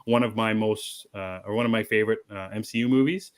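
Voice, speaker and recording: A man's voice: on the low side, steady tone, brisk. A man co-hosting a casual geek podcast, talking in a rambling way with many restarts. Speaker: podcast co-host. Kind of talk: casual chat.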